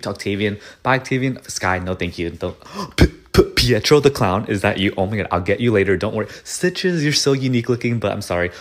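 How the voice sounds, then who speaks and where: A man's voice: on the low side, a little fast, few pauses. A man giving casual gameplay commentary, chatty and apologetic, talking to the game's characters as he goes. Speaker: video game player.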